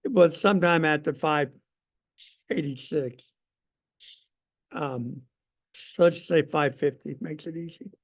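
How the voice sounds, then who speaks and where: Leading a Sunday school class as a church lesson, a man speaks slowly in a fairly high voice, pausing often. His delivery is emphatic yet conversational, and he poses questions to the group.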